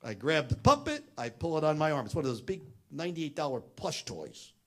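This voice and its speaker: Animated man telling a family story. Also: a little high, brisk. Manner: animated, acts out the voices in his story. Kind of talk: storytelling talk.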